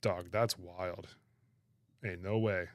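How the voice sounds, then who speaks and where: Guy streaming from home, kinda low voice, dry close mic, all animated no-way disbelief. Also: takes it slowly, no room sound. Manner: animated, exaggerated disbelief, laughing often. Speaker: streamer reacting to chat. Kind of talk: casual livestream chat.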